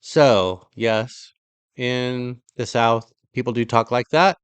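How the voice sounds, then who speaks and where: A middle-aged man from California hosts a casual reaction vlog, drifting through rambling commentary full of sarcastic asides. His voice is smooth and clear. It sits dry and close to the mic, with no room sound. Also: mid-range voice, takes it slowly, no room sound. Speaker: vlog host.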